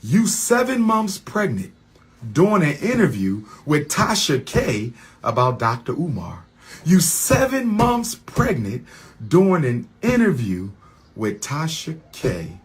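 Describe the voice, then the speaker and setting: A man in a heated, mocking rant to his audience, repeating lines for effect and swinging from loud outbursts to quiet asides. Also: mid-range voice, husky. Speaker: speaker addressing his audience.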